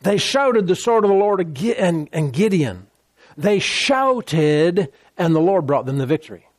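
A man preaching a sermon with call-and-response, animated and repeating words for emphasis. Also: sits high, a little slow.

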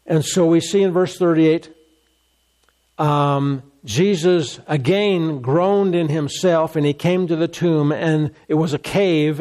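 A man with a slightly high, somewhat mellow voice preaches a sermon. He's emphatic and repetitive, repeating phrases and acting out the dialogue from scripture.

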